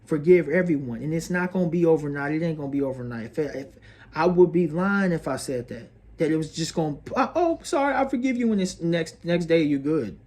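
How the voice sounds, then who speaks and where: Brisk and a little high-pitched, with a darkish tone, this man delivers a motivational astrology monologue for a video. He's earnest and preachy, repeats himself, and calls his listener bro and sis.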